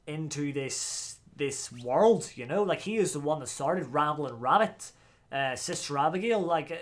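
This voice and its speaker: A man giving excitable, slangy commentary while reacting to a wrestling video. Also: fairly high pitch.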